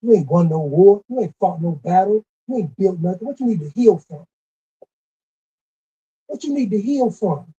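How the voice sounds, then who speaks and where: Commentator, male, husky and mellow, hammering points in a harsh rant, muffled lo-fi sound. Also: high-pitched, animated, moderate pace, pauses often. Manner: scolding, repetitive, emphatic. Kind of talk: ranting monologue. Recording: dull lo-fi recording.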